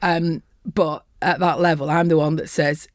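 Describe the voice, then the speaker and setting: A middle-aged woman with a softened Lancashire accent, talking bluntly and earthily as a guest in a casual interview. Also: sits low, steady tone, normal speed, no echo, clean studio sound. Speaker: podcast guest, construction safety professional.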